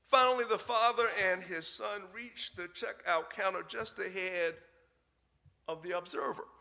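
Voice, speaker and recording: A man preaching a sermon, telling a folksy story in a deliberate way with short pauses. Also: sits high, creaky, sharp tone. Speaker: pastor.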